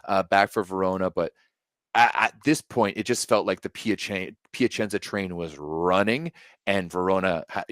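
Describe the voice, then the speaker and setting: Male podcast co-host, fairly low voice, dry sound, rambling, jokey and profane. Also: normal speed, a bit bright, no room sound. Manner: rambling, restarts often, joking and profane. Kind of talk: casual sports podcast chat.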